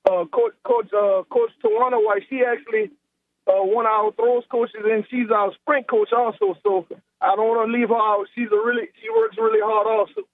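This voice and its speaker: A man with a South Louisiana accent, a head track coach, talking in a relaxed, rambling way and repeating words in a phone-in interview. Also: extremely high pitch, moderate pace, no room sound. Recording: tinny phone line.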